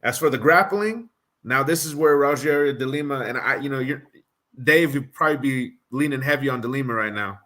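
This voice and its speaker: This fight prediction show co-host talks fairly quickly in a mid-range, fairly bright voice. In casual live-stream chat he lists fighter statistics analytically and weighs who he'll pick.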